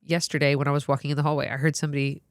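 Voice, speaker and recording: A physician assistant chatting casually on a podcast, friendly and affirming, often adding quick asides. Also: medium pitch, flat delivery, no room sound, clean studio sound.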